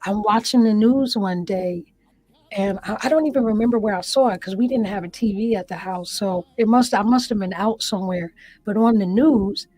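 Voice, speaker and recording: A woman's voice: mid-range voice, moderate pace, warm tone, no echo, poor audio. A woman who is a comedian, a guest telling an emotional personal story with earnest feeling and acting out her own past words. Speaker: interview guest.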